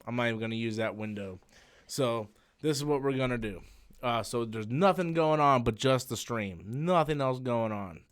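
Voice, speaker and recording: A young man with a drawl chats loosely on a live stream. His voice is smooth and clean, at a middle pitch, and he rambles through a story with lots of "um" and "like.". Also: fairly bright tone. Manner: rambling storytelling with many fillers and restarts. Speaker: comics channel host. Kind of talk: casual live-stream chat.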